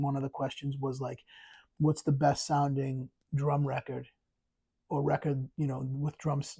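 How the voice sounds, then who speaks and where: A man chats casually to camera about his latest records, talking with real enthusiasm. He rambles and restarts often, with plenty of ums along the way. His voice sits a little high for a man, with a warm, mellow tone. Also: gravelly, slightly rough. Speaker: vinyl collector channel host. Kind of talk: casual record review vlog.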